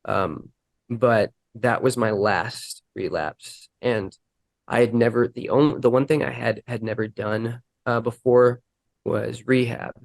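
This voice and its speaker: Earnest man telling a halting story. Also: mid-range voice, steady tone, gravelly, dry recording. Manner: earnest, halting, acts out quoted dialogue. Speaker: guest telling his recovery story. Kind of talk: candid personal storytelling.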